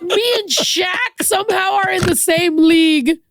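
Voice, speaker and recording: A woman's voice: very high-pitched, a little slow, no room sound, studio quality. A woman from Mexico, a podcast guest, talking casually and sympathetically with many fillers. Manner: sympathetic, warm reactions, lots of fillers. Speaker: guest, musician. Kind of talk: casual chat.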